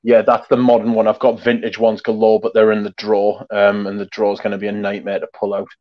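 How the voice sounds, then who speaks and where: A man chatting casually about his collection over a video call, rambling with many pauses, restarts and swear words. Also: on the low side, completely flat delivery, dry recording, lo-fi sound. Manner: laid-back, rambling, many ums and restarts. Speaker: perfume collector guest showing his collection. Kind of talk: casual chat, swearing freely.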